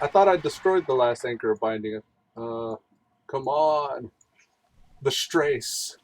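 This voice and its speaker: A gaming streamer, a man with a slightly husky voice, chatting loosely as he plays. He rambles and thinks aloud in a casual, unhurried way. His pitch sits in an ordinary middle range. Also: expressive, no echo, low-quality recording. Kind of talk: casual gameplay commentary.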